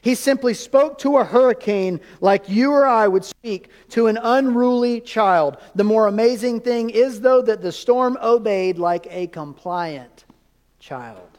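Speaking at a measured pace, a man with a high, slightly mellow voice delivers an emphatic, conversational sermon as pastor. He asks the congregation rhetorical questions, and the big hall gives a long reverb.

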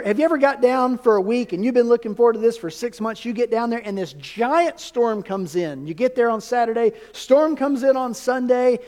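This pastor's voice is extremely high and mellow as he preaches emphatically but conversationally, firing rhetorical questions at his congregation. A large hall lends the recording long reverb.

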